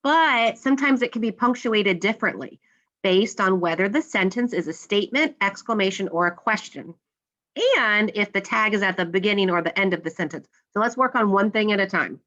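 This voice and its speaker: A woman's voice: mid-range voice, brisk, fairly bright tone, highs cut off. Patient woman teaching a grammar lesson. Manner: patient, explains step by step, acts out example lines.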